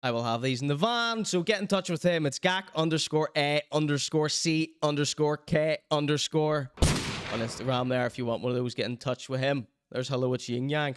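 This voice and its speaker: A man's voice: on the high side, smooth. A man hosting his own online show, plugging t-shirts in a joking, rambling, self-mocking way. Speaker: show host.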